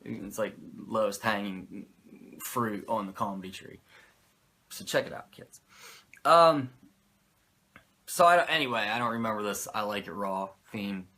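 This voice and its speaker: A wrestling show reviewer with a fairly low, pushed, bright voice recaps an old episode at a measured pace, animated and pausing often. He rambles casually, swears freely, goes off on tangents, and jokes at his own expense.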